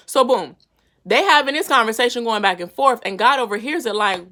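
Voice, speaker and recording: A woman's voice: fairly high pitch, lively intonation, fairly quick, a bit bright. A woman giving a casual, slangy Bible lesson to her viewers and retelling scripture in everyday talk. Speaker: faith vlogger teaching a Bible lesson.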